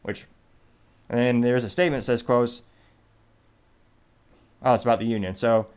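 A male host talks through the day's news in a casual, wry manner. His voice sits at an ordinary middle pitch. He stops and restarts often and reads quotes aloud with a dry edge. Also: fairly even intonation, normal speed, a little mellow, clean tone. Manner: wry, offhand, with frequent restarts. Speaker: show host.

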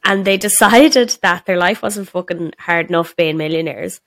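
A young woman with a Dublin accent, a podcast co-host telling a workplace story in casual chat, sweary and quick to laugh. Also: lowish voice, a bit bright, no echo.

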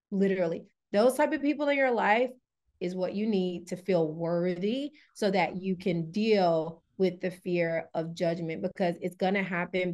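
A woman in her thirties, a wellness coach guest on a podcast, telling personal stories in a candid, animated way, laughing often and acting out the voices of others. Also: medium pitch. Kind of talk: candid conversational storytelling.

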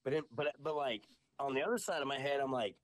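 A young man telling a story in a casual podcast chat, animated and full of swearing. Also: mid-range voice, quick pace, no room sound. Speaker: podcast host.

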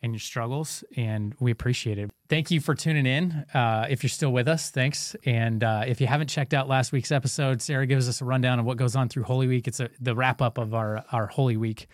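A man's voice: mid-range voice, fairly even intonation, brisk, hardly any pauses, dry recording, clean studio sound. A man hosting a podcast, friendly and joking, who wraps up the episode and thanks his guests. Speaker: podcast host. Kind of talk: casual chat.

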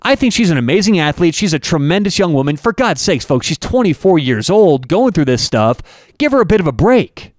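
A man's voice: fairly high pitch, big pitch swings, fairly quick, dry recording, studio quality. A man hosting a podcast, delivering an opinionated, emphatic monologue full of rhetorical questions. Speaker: podcast host and network owner.

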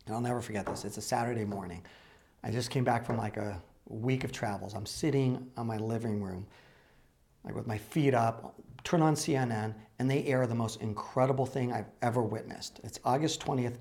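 A man hosting a conversation show, retelling a true story slowly and with emphasis. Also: mid-range voice, creaky, a little mellow. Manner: slow, emphatic retelling with quoted dialogue. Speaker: podcast host.

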